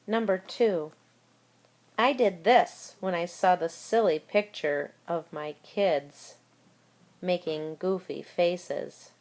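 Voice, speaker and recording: Lady teacher talking to little kids real slow, spelling stuff out letter by letter, mid pitch voice. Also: darkish tone. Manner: deliberate, spells words out letter by letter. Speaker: elementary school teacher. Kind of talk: recorded spelling lesson for children.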